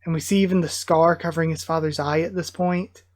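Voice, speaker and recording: A channel host reacting live to a comic chapter, reading parts aloud with excited outbursts. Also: medium pitch, brisk. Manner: excitable, bursts of enthusiasm between plain read-aloud passages.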